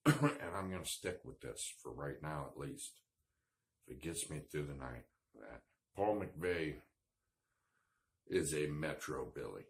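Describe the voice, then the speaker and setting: A man's voice: deep voice, a bit bright. A man telling a rambling, self-deprecating story in a casual vlog, with lots of fillers. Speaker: vlogger.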